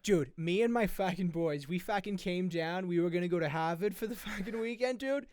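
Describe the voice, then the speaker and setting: A man voicing a loud, drunk bro on a weekend bender, boastful and profane. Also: high voice, fairly quick, voice pushed up, close to an everyday voice.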